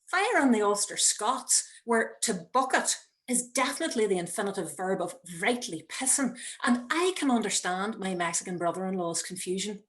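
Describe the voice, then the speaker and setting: A middle-aged woman, telling a personal story in a wry, measured way with dramatic pauses, recorded at home over a video call. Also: medium pitch, animated, fairly bright tone. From Northern Ireland. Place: home, indoors.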